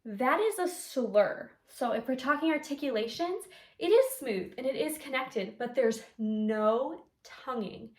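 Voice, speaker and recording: High-voiced woman teaching flute, echoey room. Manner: clear step-by-step explaining, sings articulation syllables. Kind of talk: instrumental music lesson.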